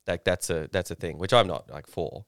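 A man's voice: sits low, fairly quick, smooth, dry recording, clean studio sound. A young man hosting a casual podcast chat, joking crudely with friends. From Australia. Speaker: podcast host.

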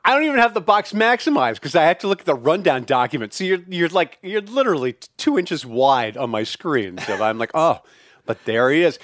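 Animated man co-hosting a podcast. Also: on the high side, fairly quick, no room sound, studio quality. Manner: animated, swearing, enthusiastic greetings. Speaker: podcast co-host. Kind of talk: casual podcast chat. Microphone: remote call mic.

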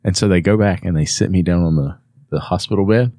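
A middle-aged man telling a personal story in casual chat, animated and acting out the people in it. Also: deep voice, fast talker, dry recording, studio quality. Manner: animated, acts out quoted voices. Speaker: podcast guest.

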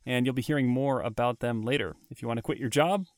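A man's voice: medium pitch, quick pace, dry recording, clean studio sound. A man hosting a casual advice podcast, bantering and reading sponsor spots conversationally. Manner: friendly, bantering, reads ads conversationally. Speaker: podcast host. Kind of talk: casual chat.

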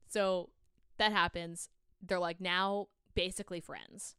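A woman's voice: fairly low pitch, flat delivery, slow, pushed and bright, smooth, dry recording, clean studio sound. A woman co-hosting a book podcast, casually retelling a story with lots of muttered quoted dialogue and swearing. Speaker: podcast co-host.

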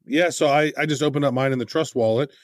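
A man's voice: mid-range voice, fast talker, no echo, studio quality. A man co-hosting a podcast, chatting casually and with enthusiasm. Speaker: podcast co-host.

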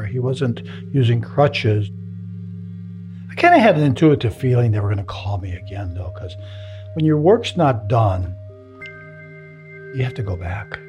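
An older man tells his stories in an interview, his gravelly voice rising and falling with feeling. He slips into other people's voices and gets openly emotional as he talks. Faint music plays beneath him. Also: fairly low pitch. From United States. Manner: animated storyteller, acts out voices, gets emotional. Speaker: hypnotist, interviewee.

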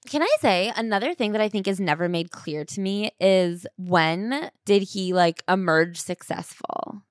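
Woman, casual podcast chat, wry, chatty, middle pitch, dry. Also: a little slow, no echo. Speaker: podcast co-host. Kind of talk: casual book-discussion chat.

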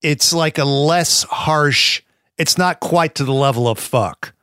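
A man's voice: fairly high pitch, takes it slowly, pushed and bright, clear, resonant tone, no room sound, clean studio sound. An American man co-hosting a podcast, rambling in casual chat, swearing freely and slipping into playful mock accents. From United States. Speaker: podcast co-host.

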